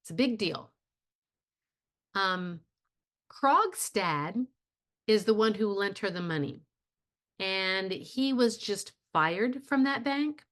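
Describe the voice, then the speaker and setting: A woman's voice: medium pitch, lively intonation, slow, long pauses, a bit bright. A woman instructor giving a casual video lecture, retelling a play in a plainspoken way with frequent fillers. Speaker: theatre instructor.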